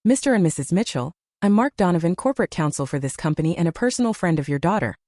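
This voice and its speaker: A woman voicing a firm, measured middle-aged male corporate lawyer in a storybook narration. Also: fairly low pitch, lively intonation, a little mellow, no room sound, studio quality.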